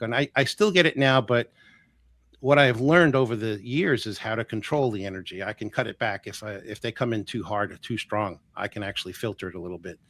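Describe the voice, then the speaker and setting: A man in his sixties, a healer guest telling stories in a casual, animated way, chuckling often and acting out what people said. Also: fairly low pitch, no room sound. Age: 60s. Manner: animated, chuckles often, acts out quoted dialogue. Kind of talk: casual storytelling.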